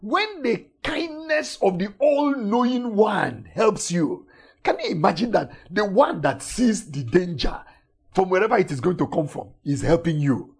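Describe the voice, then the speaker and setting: A man preaches with a husky, slightly rough voice. His pitch swings widely as he repeats key words and moves between loud emphasis and hushed, tender passages. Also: very animated, measured pace. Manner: emphatic, repetitive, swings from shouting to soft intimate tones. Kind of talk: sermon.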